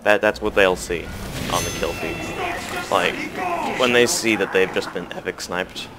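A man giving comic commentary over his own gameplay, swinging from mumbling asides to sudden loud excited shouts. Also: low-pitched, unhurried, very noisy. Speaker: gaming commentator. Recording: loud game music and gunfire behind.

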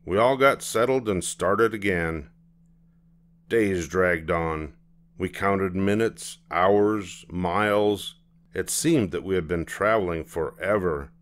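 An older man reading a children's storybook aloud in a gentle, expressive manner. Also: sits low, slow. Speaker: storybook reader.

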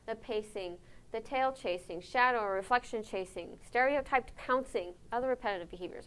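A woman giving a conference lecture on animal behavior, lively and engaging, often checking in with her audience with questions. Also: medium pitch, smooth. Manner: lively, asks the audience questions, frequent "right?".

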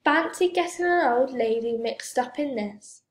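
A woman's voice: high-pitched, a little slow. A woman reading the lines of a flustered, fussing mother in a storybook. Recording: roomy echo.

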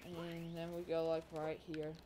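A woman hosting a gaming channel, chatting casually through a speedrun race with lots of "like" and sudden excited outbursts. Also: low voice, measured pace, very noisy. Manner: rambling, filler-heavy, excitable outbursts. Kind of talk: casual gameplay commentary. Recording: game music playing loudly behind. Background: game music.

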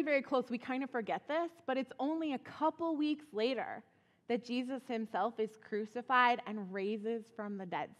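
A woman telling a Bible story as a children's sermon, in a casual, animated way, acting out the quotes. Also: mid-range voice. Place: church sanctuary. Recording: long church reverb.

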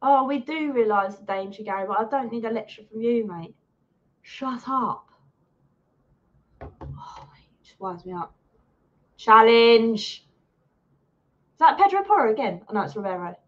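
A woman hosting a live watch-along of a match, excitable and swearing as she heckles the players and the referee. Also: fairly high pitch, normal speed. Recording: dull lo-fi sound.

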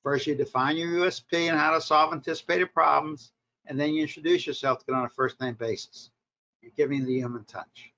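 A man's voice: a little high, steady tone, fairly quick, sharp tone. A man, a marketing professor, leading a recorded workshop lecture, speaking in short punchy directives and rhetorical questions.

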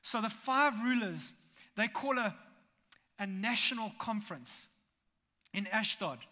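A man preaching a sermon in a church, telling the story in a lively way with humorous asides. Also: high-pitched, a little slow. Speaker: pastor. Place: church sanctuary. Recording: long church hall reverb.

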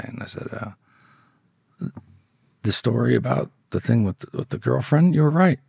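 Gravelly, husky man telling a story. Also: mid-range voice, moderate pace, pauses often, no room sound, clean studio sound. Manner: profane, animated, acts out quoted dialogue. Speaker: interview guest telling his story. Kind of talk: casual storytelling.

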